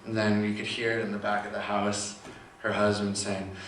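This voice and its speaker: A young man telling a personal story in a halting, quiet way with long pauses. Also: fairly low pitch, completely flat delivery, slight background noise. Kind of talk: personal testimony. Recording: echoey room from far off.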